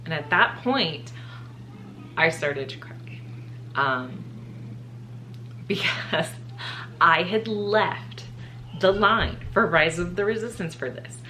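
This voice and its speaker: Slow and marked by long pauses, a young woman's lowish, sharp-toned voice carries a personal storytime for her channel. She gets emotional, choking up and laughing through tears, over a little hiss or hum.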